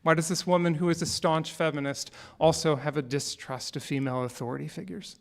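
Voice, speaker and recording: Male minister, fairly high voice, relaxed conversational sermon with humor. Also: a little fast, gravelly. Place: church sanctuary.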